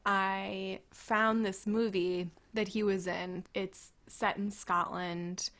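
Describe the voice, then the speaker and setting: A woman's voice: medium pitch, level tone, slow, fairly bright tone. A woman co-hosting a podcast, chatting casually, rambling through tangents and laughing often. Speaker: podcast co-host. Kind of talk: casual chat.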